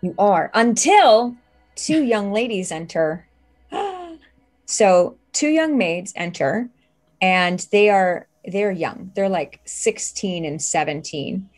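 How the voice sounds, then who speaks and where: A woman's voice: mid-range voice, a little mellow. A woman narrating a tabletop horror game as game master, describing the scene with hesitant fillers and restarts.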